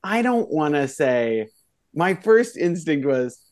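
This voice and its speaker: A man's voice: fairly high pitch, slow. A man co-hosting a casual podcast, telling a neighborhood anecdote and acting out the people in it. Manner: animated anecdote teller, voices the people in his story. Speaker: podcast co-host. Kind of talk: casual chat, storytelling.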